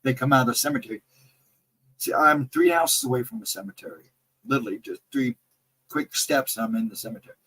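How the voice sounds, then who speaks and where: A man's voice: medium pitch, big pitch swings, a little fast, creaky, fairly bright tone, husky, rough recording. A middle-aged man with a Central Ohio accent, chatting casually on a livestream. He rambles through stories, reads out chat comments, and has trouble with his R and W sounds. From Central Ohio, near Columbus. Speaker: livestream co-host.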